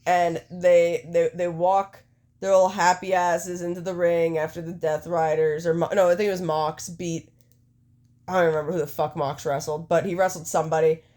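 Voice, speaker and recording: A young adult woman co-hosting a podcast, recapping a show in casual chat with profane, animated storytelling. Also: fairly low pitch, normal speed. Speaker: podcast co-host.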